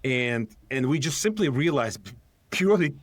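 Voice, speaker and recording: A man who founded a company, a podcast guest telling a story in a relaxed way and sometimes searching for his words. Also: medium pitch, moderate pace, no room sound. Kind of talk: casual interview conversation.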